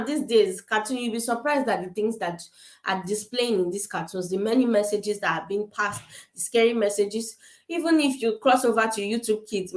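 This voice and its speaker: A woman's voice: medium pitch, reverberant. A woman from Africa speaking to parents in a casual online talk, earnest and repetitive, with many fillers and restarts. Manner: earnest, repeats points, frequent fillers and restarts. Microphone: webcam on a video call.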